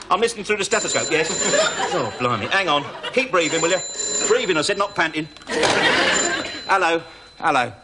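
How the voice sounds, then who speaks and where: Brief: chirpy burglar posing as a doctor, middle-aged, lively and fairly high voice, noisy old TV recording. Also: male voice. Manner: chatty, bluffing, full of tag questions. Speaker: comic actor in a sketch. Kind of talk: television sketch comedy acting.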